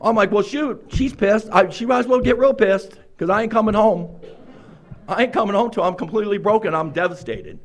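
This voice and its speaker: A man's voice: high-pitched, a little fast. A man speaking at a recovery meeting, telling his own story with wry, self-mocking humor and frequent laughs, in a meeting room.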